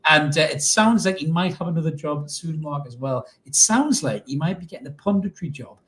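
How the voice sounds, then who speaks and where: A man's voice: a little high, animated, a little fast, fairly bright tone. A middle-aged man co-hosting a casual football podcast, cheeky and joking, swearing freely and laughing often. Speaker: podcast co-host.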